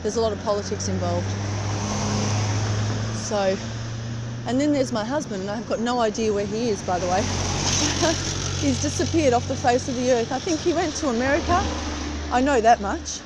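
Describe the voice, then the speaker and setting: A woman's voice: fairly high pitch, expressive, normal speed. Chatty woman vlogging on a noisy street. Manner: chatty, rambling, walking while talking. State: cold. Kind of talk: casual chat. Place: outdoors on a street at early morning. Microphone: phone camera held while walking. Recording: street traffic noise behind.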